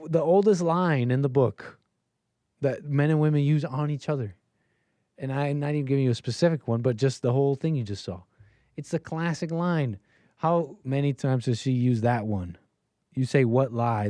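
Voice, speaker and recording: A man's voice: on the high side, warm tone, no echo. A man hosting a live stream, reacting to a video clip in casual, sarcastic and rambling commentary that often repeats itself.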